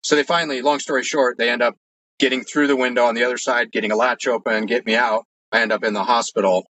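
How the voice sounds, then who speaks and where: A man's voice: medium pitch, steady tone, fast, fairly bright tone, dry recording, rough recording. A man telling his own story as an interview guest, earnest and rambling, with lots of "like" and restarts. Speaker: guest recounting personal experiences. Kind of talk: casual storytelling.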